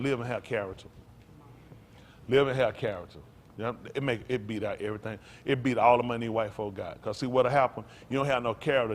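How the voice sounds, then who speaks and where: A male pastor preaching a sermon in a folksy style, calling out to his congregation and swinging from loud, high bursts down to low, quiet lines. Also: a little hiss or hum. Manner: animated preaching, leaps high and loud for emphasis, then drops low; folksy vernacular, calls out to the congregation. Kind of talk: sermon teaching.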